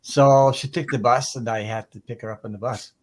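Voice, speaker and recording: A middle-aged man co-hosts a relaxed live-stream chat. His voice is husky and a bit breathy. He is easygoing and laughs often. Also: mid-range voice, brisk. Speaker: co-host.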